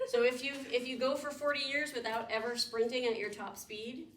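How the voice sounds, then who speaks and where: A woman professor gives a classroom lecture in a lecture room, quizzing students and explaining each step. She speaks fairly quickly in a fairly high, fairly bright voice with little pitch movement, picked up by a far-off, echoey room mic amid background noise.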